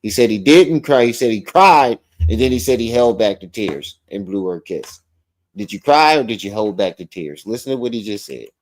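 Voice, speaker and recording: A man hosting a livestream, reacting to a clip with animated, mocking commentary. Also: fairly low pitch, normal speed. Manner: animated, mocking, repeats phrases. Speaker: livestream host.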